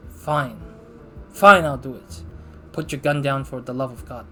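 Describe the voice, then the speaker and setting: A man's voice: mid-range voice, unhurried, pushed and bright, soft background music. Man doing nervous male colleague, put-on accent, anxious read. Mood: panicked. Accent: put-on East Asian-style accent. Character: nervous male agency colleague, reluctant hacker. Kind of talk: reading game dialogue aloud.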